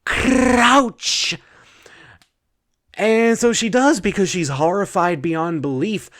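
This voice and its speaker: A man telling an improvised comic bedtime story, rambling, breaking off and adding deadpan asides. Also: medium pitch.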